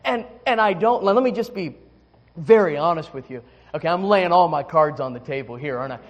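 A man's voice: on the high side, lively intonation, brisk, lo-fi sound. A man preaching a sermon, telling a candid personal story with many restarts before turning to scripture. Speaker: pastor.

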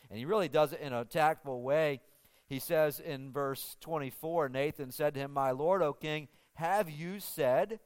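Male preacher, fairly high clear voice, conversational sermon delivery with restarts. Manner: retells scripture in a conversational voice, with restarts and ums.

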